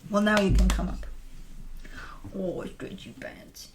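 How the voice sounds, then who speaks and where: A woman's voice: mid-range voice, fairly even intonation, measured pace, long pauses, whispered. A woman host chatting casually and talking baby talk to her pets, with frequent laughter and a doting manner. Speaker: tarot reader host. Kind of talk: casual chat.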